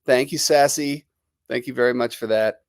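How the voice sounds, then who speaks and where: A chatty New Jersey man with a lingering cold hosts a casual live stream, rambling and greeting viewers. His medium-pitched voice is steady at normal speed, with no room sound.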